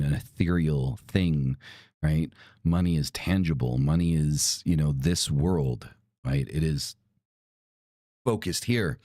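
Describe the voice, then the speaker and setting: A man's voice: very deep voice, mellow, dry recording, clean studio sound. A male podcast host in a casual monologue, ranting and swearing, with lots of "right?" and "like" fillers. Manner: profane, ranting, heated.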